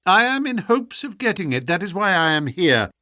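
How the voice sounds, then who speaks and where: A calm detective who answers patiently and evenly, as a male narrator puts him on. The voice sits a bit high. The recording is dry and close. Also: normal speed, no echo, exaggerated voice.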